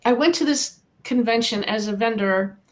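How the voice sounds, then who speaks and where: A woman's voice: a little high, moderate pace. A middle-aged woman from the United States, a guest in an interview, speaking earnestly and encouragingly about her own path. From Eastern Washington, US. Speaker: guest, animal communicator. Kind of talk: podcast interview.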